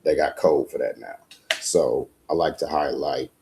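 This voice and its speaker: Late-night host, man, very deep and gravelly, blunt and cussing. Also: unhurried, a little hiss or hum. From United States. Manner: blunt, profane, emphatic. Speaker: podcast host. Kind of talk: casual monologue.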